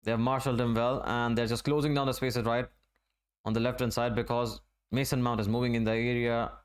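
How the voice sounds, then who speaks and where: Smooth-voiced man doing live football commentary. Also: mid-range voice, little pitch movement. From Asia. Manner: running play-by-play, conversational and unhurried. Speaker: streamer. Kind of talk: live match watch-along commentary.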